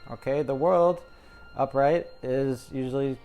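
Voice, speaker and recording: A man's voice: medium pitch, unhurried, dull audio. A man giving a casual, jokey tarot reading, talking to his viewers as the collective. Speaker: tarot reader. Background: music.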